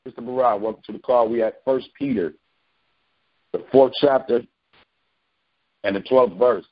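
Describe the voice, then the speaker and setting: A man's voice: medium pitch, normal speed. Man leading a phone bible study. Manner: preachy, repeats phrases for emphasis. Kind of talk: conference call bible study. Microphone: phone conference call. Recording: dull lo-fi phone call.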